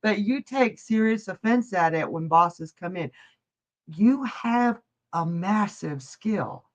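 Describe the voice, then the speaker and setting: A woman's voice: mid-range voice, lively intonation, slow. A middle-aged woman giving psychic readings on a live stream, chatty and jokey, laughing often. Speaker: psychic reader. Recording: dull lo-fi stream audio.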